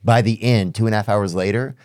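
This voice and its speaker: A man's voice: lowish voice, steady tone, quick pace, darkish tone, no room sound, clean studio sound. A man with a Southern US accent hosting a podcast in casual chat, laid-back and full of "dude" and "bro". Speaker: podcast host.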